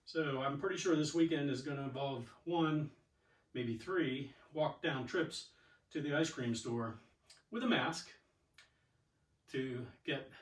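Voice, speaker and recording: A man leading a yoga and exercise class, chatty and encouraging as he talks through each cue. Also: mid-range voice. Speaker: yoga and fitness instructor. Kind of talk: guided exercise instruction. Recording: echoey room, mic at a distance.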